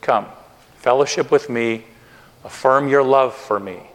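A man preaching a sermon, earnest and expressive, slowing down and speeding up for emphasis. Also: fairly high pitch. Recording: long reverb of a hall.

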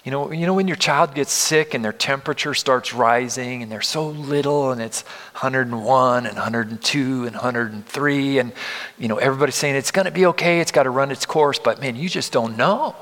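A man in his fifties preaching a sermon, earnest and emphatic, moving between loud stress and near-whispers. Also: mid-range voice, moderate pace. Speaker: pastor. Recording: long reverb of a large hall.

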